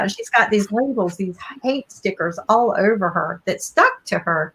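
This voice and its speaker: A woman's voice: medium pitch, animated, normal speed, a bit bright, breathy edge, rough recording. Middle-aged woman co-hosting a podcast. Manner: reflective storyteller, often checks in with "right?". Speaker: podcast co-host. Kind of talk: casual podcast talk.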